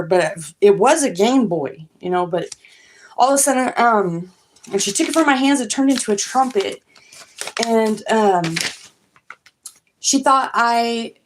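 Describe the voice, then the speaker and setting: A woman hosting a livestream, retelling a dream casually in a rambling, halting way full of fillers and restarts. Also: medium pitch. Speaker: tarot reader and livestream host.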